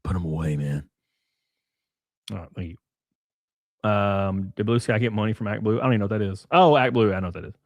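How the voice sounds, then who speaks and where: A man's voice: lowish voice, fairly quick, pauses often, no echo, studio quality. A man hosting a live stream, reacting to a clip with sarcastic, profane mockery. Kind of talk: casual live stream commentary.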